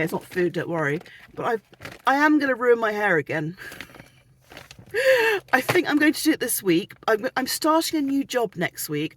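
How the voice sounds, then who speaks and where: A chatty British woman runs through her shopping haul in a casual, self-mocking way, full of giggly asides. She talks from inside a parked car, with a faint hiss of noise under the voice. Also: mid-range voice. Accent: British English. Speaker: vlogger.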